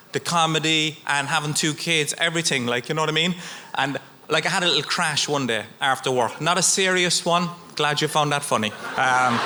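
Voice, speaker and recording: A man's voice: a little high, a little hiss or hum. A man in his thirties with an Irish accent, performing a stand-up routine and acting out the people in his stories. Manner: animated storytelling, acts out characters. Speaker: stand-up comedian. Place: comedy venue with audience.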